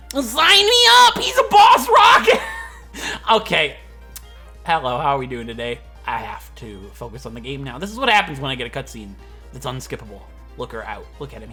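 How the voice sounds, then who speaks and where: A man's voice: medium pitch, bright, forceful tone. A man in his twenties giving rambling, joking gameplay commentary. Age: 20s. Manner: rambling, joking, laughs a lot. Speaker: let's play host.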